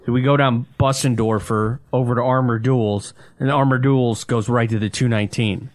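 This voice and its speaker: Podcast co-host, a man, mid-pitched, blunt and ribbing. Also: fairly even intonation, moderate pace, dry recording. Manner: blunt, incredulous teasing. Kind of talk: casual sports podcast banter.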